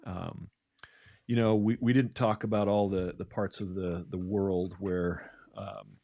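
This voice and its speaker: A man co-hosting a leadership podcast, telling a story in a relaxed talking way, often restarting and repeating words. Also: deep voice, measured pace, dry recording. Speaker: podcast co-host, leadership coach. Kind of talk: conversational podcast talk.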